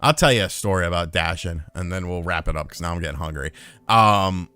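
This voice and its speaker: A man casually telling a profane story on a live stream, getting loud and heated when he retells a fight. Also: sits low, fairly quick, smooth, dry recording. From lived in North Carolina.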